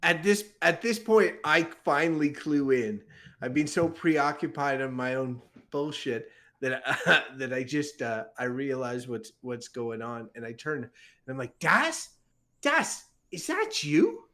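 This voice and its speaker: A man's voice: mid-range voice, unhurried, a bit bright. A man describing his character's actions as a player, rambling and correcting himself.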